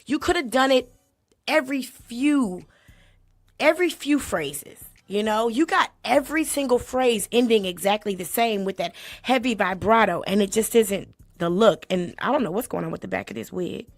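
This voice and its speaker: A woman hosting a comedic vocal critique, sassy and mocking, bursting into exaggerated loud sung imitations. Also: a little high, normal speed. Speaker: host critiquing a singer. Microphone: desk mic.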